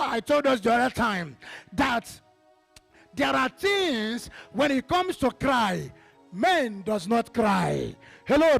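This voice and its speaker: A man with a Nigerian accent preaching a sermon as pastor, calling out to the congregation and breaking into sudden shouts. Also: extremely high pitch, creaky.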